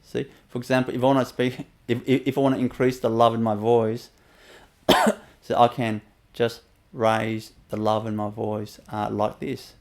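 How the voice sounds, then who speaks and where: A man as a spiritual teacher, guiding listeners through a meditation practice in a gentle, repetitive way with soft laughs and many fillers, on a webinar. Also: medium pitch, flat delivery, normal speed. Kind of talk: guided spiritual talk.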